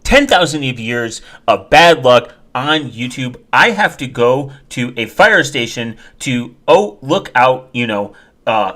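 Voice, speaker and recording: A man's voice: mid-range voice, fairly bright tone. A man vlogging in a rambling, joking way, talking straight to his viewers with many fillers and restarts. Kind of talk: casual rambling talk to viewers.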